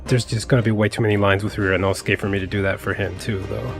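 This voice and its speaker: A man's voice: on the low side, steady tone, quick pace, creaky, hardly any pauses. Man, casual game commentary, reactive asides, music playing behind. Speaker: let's play gamer.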